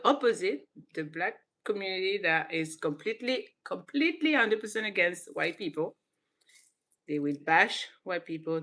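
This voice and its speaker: A woman from Senegal who grew up in southern France hosts her own channel and talks casually to camera. She gets animated, laughs often and restarts her sentences. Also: fairly low pitch. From Senegal, raised in southern France. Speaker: channel host.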